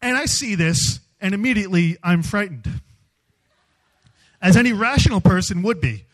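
A man speaking as a youth speaker, giving a humorous storytelling sermon in an animated, self-mocking way. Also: high voice, moderate pace, low-quality recording.

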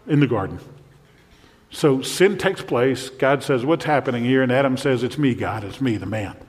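A male pastor preaching a sermon, asking the listeners questions and swinging between urgent emphasis and a hushed, near-whispered voice. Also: mid-range voice, lively intonation, normal speed. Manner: preaching with rhetorical questions and sudden drops to a hushed voice. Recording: long reverb of a large hall.

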